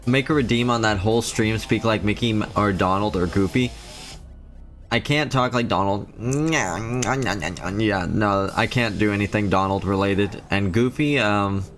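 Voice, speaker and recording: A man's voice: on the low side, fairly bright tone. A man from the Philippines, chatting casually on a live game stream and answering chat.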